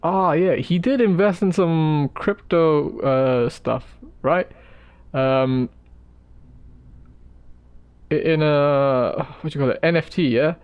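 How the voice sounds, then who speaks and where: This art streamer has a fairly high, clean voice and talks slowly with long pauses over lo-fi sound. He rambles casually as he sketches, easygoing, sometimes drifting off to mutter.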